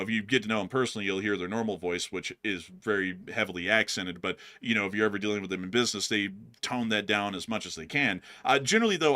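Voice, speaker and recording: A man's voice: lowish voice, sharp tone. A man from the US South with a light Southern accent, hosting a news channel and answering viewer comments in a rambling, conversational way. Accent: light Southern American. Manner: rambling, conversational, addresses "folks" and "y'all". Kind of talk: casual talk reading viewer comments.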